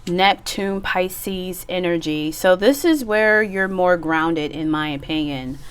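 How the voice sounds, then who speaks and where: Smooth-voiced, playful woman tarot reader. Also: on the low side, lively intonation, slow. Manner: chatty and playful, with bawdy jokes and bursts of laughter. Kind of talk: casual pick-a-card tarot reading.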